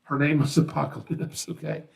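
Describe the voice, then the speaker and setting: A man talks through a podcast episode, his voice sitting a little higher than most men's. He tells stories in a relaxed, folksy way and slips into the voices of the people he quotes. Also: normal speed, creaky. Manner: folksy, acts out quoted dialogue. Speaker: podcast host, snake handler. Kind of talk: casual storytelling monologue.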